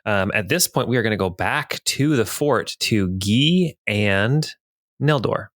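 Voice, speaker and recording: Male game master, low voice, rambling fill-in narration. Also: animated, unhurried. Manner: loose, hesitant narration with fillers.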